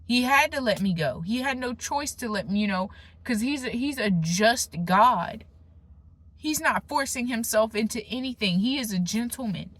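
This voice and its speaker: Young adult woman, casual testimony vlogger, emphatic and chatty with restarts, swings between lively bursts and hushed lows. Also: normal speed. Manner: emphatic, conversational, with slangy asides and restarts. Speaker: faith vlogger.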